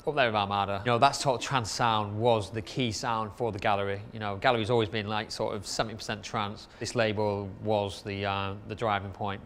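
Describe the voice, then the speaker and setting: A man's voice: on the low side, a bit bright, slight background noise. A man counting down his favourite club DJs in a casual, rambling way, with many fillers and restarts.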